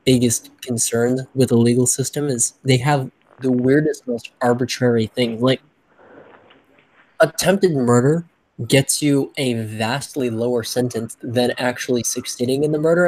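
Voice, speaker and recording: A man's voice: medium pitch, a little mellow, no room sound, low-quality recording. Argumentative male podcast co-host, dry sound. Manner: argumentative, reasoning point by point. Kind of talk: casual chat.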